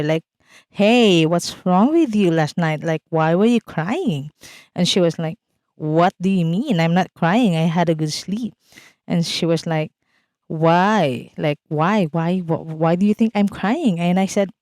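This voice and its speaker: A woman's voice: low-pitched, darkish tone, clean tone, no echo. A woman vlogger casually talking over a game build, rambling with many fillers and restarts. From outside Canada, now living in Canada.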